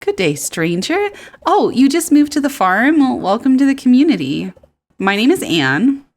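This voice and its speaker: A woman voicing a cheerful, friendly townswoman in a game, speaking brightly and bubbly. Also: fairly high pitch, big pitch swings, moderate pace, pitched above the performer's own voice.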